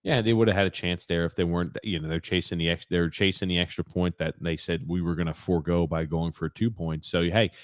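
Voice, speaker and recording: Man, very low voice, dry close sound, casual sports chat, reads viewer comments. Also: fairly even intonation, quick pace, few pauses, no echo. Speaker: podcast co-host.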